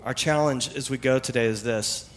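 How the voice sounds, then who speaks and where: A middle-aged male pastor preaching a sermon in a conversational, animated way, with emphatic repetition. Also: medium pitch, moderate pace, a little hiss or hum.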